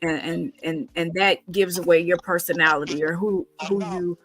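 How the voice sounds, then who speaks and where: A woman's voice: lowish voice, fairly even intonation, moderate pace, fairly bright tone, no room sound, soft background music, rough recording. A middle-aged woman hosting a casual conversational show, talking emphatically with rhetorical questions and frequent ums and restarts. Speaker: podcast host.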